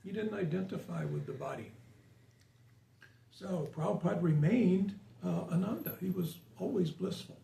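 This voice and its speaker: Chatting with a small live audience and asking them questions, a man delivers an informal sermon in a high, gravelly, warm voice. He is animated and moderately paced; the sound is roomy with faint hiss from a distant mic.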